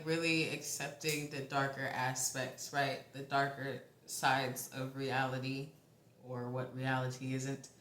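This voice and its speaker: A young woman giving a casual tarot reading, talking in a halting, rambling way with the odd swear word. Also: low-pitched, pushed and bright, echoey room. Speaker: tarot reader.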